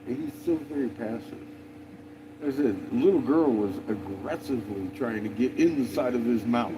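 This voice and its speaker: Laid-back man, lively pitch. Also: moderate pace, noisy background. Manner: laid-back, swears freely, laughs often. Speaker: vlogger traveling with dogs. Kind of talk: casual chat.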